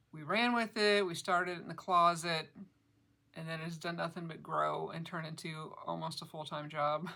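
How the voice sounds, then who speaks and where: A woman's voice: fairly low pitch, bright, forceful tone. A middle-aged woman vlogging casually about her cross-stitch projects, chatty and joking, laughing often. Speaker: flosstube vlogger.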